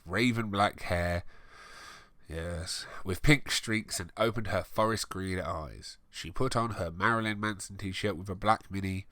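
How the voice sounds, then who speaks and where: A man's voice: low-pitched, sharp tone, no echo. A man giving a comedic reading of a bad story, breaking off for sarcastic, sweary, exasperated asides. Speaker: reader and commentator. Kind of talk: comedic dramatic reading with commentary.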